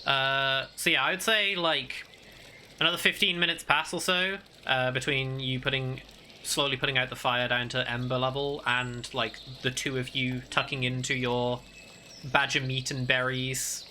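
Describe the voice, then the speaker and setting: A man's voice: mid-range voice, fairly even intonation, normal speed, pushed and bright, a little hiss or hum. A man, narrating a tabletop game as game master in a rambling, casual way full of filler words.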